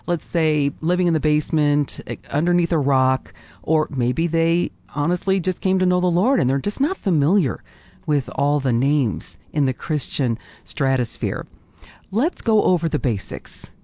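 A woman's voice: low-pitched, expressive, normal speed, dark tone, dull audio. A woman hosting an interview show, chatty and enthusiastic as she introduces her guest. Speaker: host.

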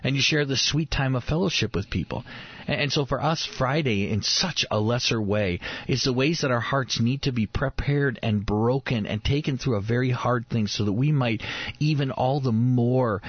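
On a dull, dry lo-fi radio recording, a man in his thirties hosts a devotional talk in a mid-range, slightly rough voice at normal speed. Earnest in tone, he builds his points by repeating words.

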